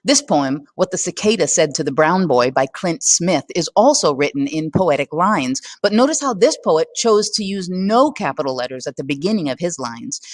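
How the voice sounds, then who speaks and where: A woman's voice: lowish voice, no room sound. Conversational woman teaching a poetry lesson. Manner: conversational, asks the listener questions. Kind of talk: scripted lesson narration.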